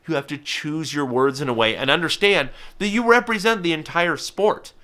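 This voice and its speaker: A man's voice: on the high side, moderate pace, clear, resonant tone. A man who is a falconer, giving an educational talk to camera with lots of restarts and a habit of slipping into playful voices. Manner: animated, with frequent restarts and playful put-on voices.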